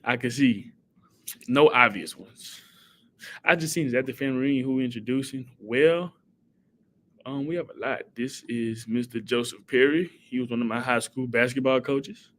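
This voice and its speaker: A man chats casually on his live stream, reacting to viewer comments with lively energy. His voice sits in a middle pitch for a man, and he keeps things loose and conversational while calling out names. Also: moderate pace. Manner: animated, reads viewer comments and gives shout-outs.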